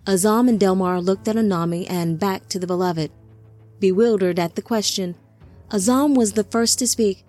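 A woman narrating an audiobook in slow, deliberate scripted narration. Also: mid-range voice, warm tone, faint music behind.

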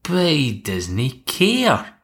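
A man's voice: mid-range voice, huge pitch swings, very slow, a bit bright. Chatty man recapping in an echoey room. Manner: chatty, wry, many restarts and asides. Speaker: podcast host. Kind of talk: casual episode recap.

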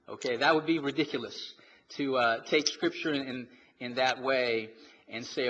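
A pastor delivers his sermon with a bright, forward tone, often stopping and restarting his phrases. His voice carries a long reverb from the sanctuary around him. A faint hiss sits under the recording. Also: medium pitch, steady tone, highs cut off. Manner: halting, many restarts and fillers.

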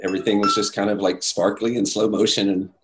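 A man telling a story in casual chat, animated, acting out the voices of the people in it. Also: lowish voice, fast. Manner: animated, acts out quoted voices, many "like"s.

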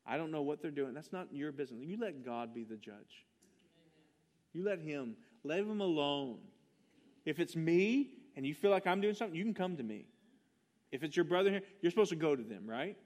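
A man's voice: fairly high pitch, expressive, normal speed, darkish tone. A man preaching a sermon, emphatic and passionate, firing rhetorical questions at his congregation. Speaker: pastor.

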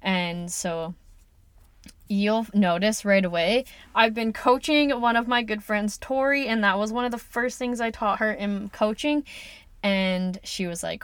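A woman's voice: medium pitch, normal speed, no echo. A woman hosting her own podcast, talking in a chatty, upbeat way with plenty of "like" and "um". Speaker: podcast host and coach. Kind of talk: casual solo podcast talk.

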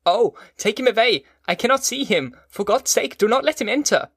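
A man voicing a distraught, feverish young man with pleading, high-strung outbursts in an audiobook. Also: expressive, moderate pace, a bit bright, husky, no room sound, studio quality. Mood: terrified. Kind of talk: audiobook character voice.

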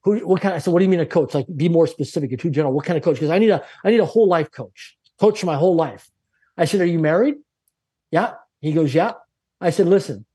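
Interview guest: middle-aged man with a husky, fairly high voice, emphatic motivational storyteller. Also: mellow. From Canada. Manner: emphatic, repetitive, self-assured.

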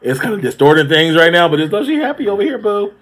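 Sassy, animated man gossiping. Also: high voice, fast. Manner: sassy, animated, swears freely. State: allergic reaction swelling face. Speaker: podcast co-host. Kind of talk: casual gossip chat.

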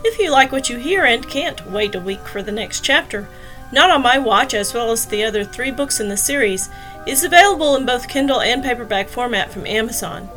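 A woman author hosting her podcast, reading her own mystery novel aloud in clear, measured narration with emphasis on the titles. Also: on the high side, lively intonation, fairly bright tone, soft background music, poor audio.

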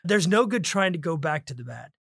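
Guy on a podcast, slightly high voice, dry close sound, reads bits out loud w/ emphasis. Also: a little fast, creaky, no room sound. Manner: reads quoted passages with stressed words, lively. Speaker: podcast co-host. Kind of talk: casual book discussion with read-aloud passages.

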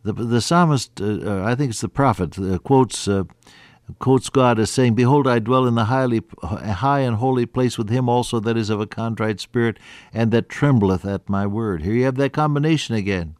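A man preaching an earnest sermon, quoting scripture in old-fashioned wording and rising, then dropping to a hushed voice. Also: medium pitch, moderate pace, dry recording, clean studio sound. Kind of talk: radio sermon.

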